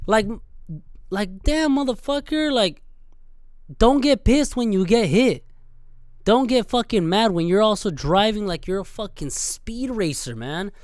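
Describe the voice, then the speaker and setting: A young man rants into a close mic on his podcast, cursing and dramatizing road encounters with sudden loud bursts. His voice sits a little high and comes through smooth and clear. The sound is dry, with no room around it. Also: unhurried, no echo. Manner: animated, swearing, acts out scenes with sudden loud outbursts. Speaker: podcast host. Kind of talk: profane solo rant.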